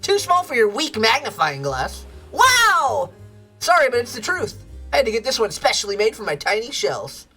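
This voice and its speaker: A woman's voice: fairly high pitch, huge pitch swings, normal speed, bright, forceful tone, husky, faint music behind, heavily acted. A woman voicing a small, nervous game creature who jumpily guards his tiny shells and speaks in an alarmed, defensive way.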